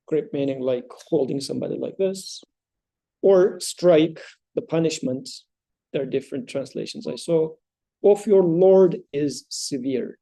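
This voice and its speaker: A man leading a study circle, explaining scripture thoughtfully with halting pauses and fillers, and chanting verses in between. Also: a little high, dark tone.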